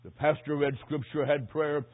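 A man preaching a sermon with dramatic storytelling that swings from hushed tones to shouting. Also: a little high, flat delivery, moderate pace. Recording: tinny, phone-like recording.

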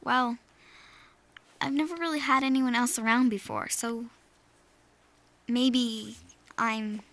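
A woman's voice: a little high, fairly even intonation, slow, fairly bright tone. A woman playing an earnest, bossy but caring teenage girl in a radio drama. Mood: tender. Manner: earnest, commanding.

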